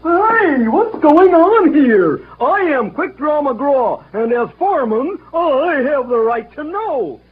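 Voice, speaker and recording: A man's voice: very high voice, sing-song, slow pace, few pauses, background noise, full character voice. A man voicing a brash, blustery male cartoon horse who bosses others around as foreman. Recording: dull vintage cartoon soundtrack with music.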